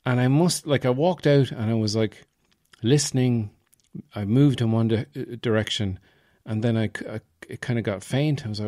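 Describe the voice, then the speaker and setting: A man's voice: medium pitch, moderate pace, mellow, dry recording, clean studio sound. An Irish man hosting a podcast, telling stories in a rambling, wry, self-mocking comic monologue. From Ireland, Offaly. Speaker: podcast host.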